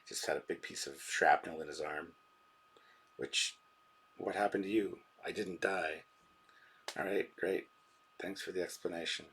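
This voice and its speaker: A man's voice: low-pitched, steady tone, normal speed, vocal fry, long pauses, fairly bright tone, slight background noise. A man hosting a live reaction stream, rambling casually and reading out viewers' chat messages and donations.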